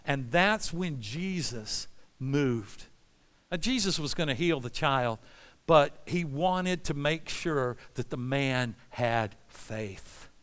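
A man preaching a sermon with passion, swinging between loud pleas and hushed, quiet lines. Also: mid-range voice, animated, slow pace. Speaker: pastor. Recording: long hall reverb.

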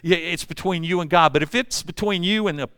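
Older pastor preaching, smooth clear voice, dry close sound, a bit high. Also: male voice, brisk, a bit bright, dry recording. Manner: folksy storytelling with acted-out voices. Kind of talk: sermon.

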